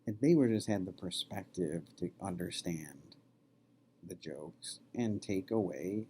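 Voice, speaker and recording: A man's voice: low voice, animated, measured pace, dark tone, slight background noise. A man who is a college professor, talking casually to his class and telling a story, loose and conversational with plenty of fillers. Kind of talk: classroom lecture with anecdote.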